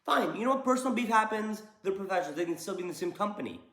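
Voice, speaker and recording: Animated young man in an echoey room. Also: sits high, rapid-fire. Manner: animated, jokey, slangy. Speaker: wrestling commentary host. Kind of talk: casual opinion commentary. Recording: roomy echo.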